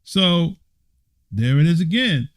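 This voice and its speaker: A man's voice: fairly high pitch, expressive, takes it slowly, no echo. A man teaching a Bible study. He reads passages aloud and breaks off for teasing, mock-surprised asides with laughter.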